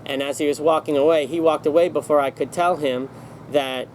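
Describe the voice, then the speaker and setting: A man's voice: on the high side, steady tone, a little fast, a little hiss or hum, poor audio. A man vlogging in a casual storytelling monologue, rambling along with many restarts and self-corrections.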